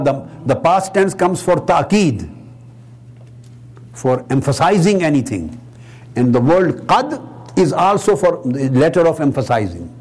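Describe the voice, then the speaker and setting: A man's voice: on the high side, a little mellow, husky. A man giving a religious lecture, explaining the grammar of a text and repeating key words to drive his point home. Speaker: Islamic scholar and speaker. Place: Islamic center hall.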